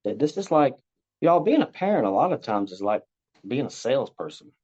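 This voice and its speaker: A man's voice: mid-range voice, big pitch swings, fairly quick, darkish tone. Rambling man explaining, slightly dull sound. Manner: rambling, repeats words, acts out parent and child lines. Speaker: guest, parenting coach. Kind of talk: casual conversational explaining.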